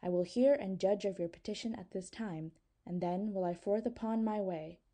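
A woman's voice: medium pitch, normal speed, mellow, lightly acted. A woman reading the part of a noble, grave male king who speaks in formal, archaic courtly language. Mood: stern. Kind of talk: audiobook reading.

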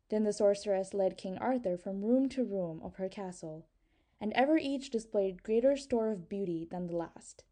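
A woman narrating an old legend in a measured, even storytelling manner. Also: mid-range voice. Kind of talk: audiobook reading.

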